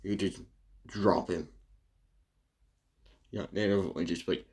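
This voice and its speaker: A man narrating an improvised fan story, halting and full of fillers, with a husky voice. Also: sits low, fairly even intonation, darkish tone. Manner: halting, filler-heavy, many restarts.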